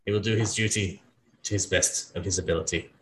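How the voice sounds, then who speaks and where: A man's voice: sits low, steady tone, brisk, a bit bright, slight background noise, voice pushed down, poor audio. A man voicing a stiff, formal male naval commander in a tabletop game, clipped and pompous.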